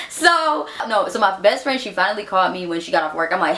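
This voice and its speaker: A young woman in her twenties telling a story in a casual vlog, chatty and animated, acting out the people she quotes. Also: medium pitch, quick pace, hardly any pauses, echoey room. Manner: chatty, animated, acts out quoted voices, frequent "like", laughs. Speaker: vlogger.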